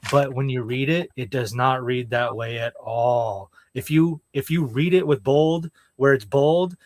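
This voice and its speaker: A man's voice: medium pitch, measured pace, a little hiss or hum. A man co-hosting a casual comics review show, talking bluntly and swearing freely about what annoys him. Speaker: podcast co-host.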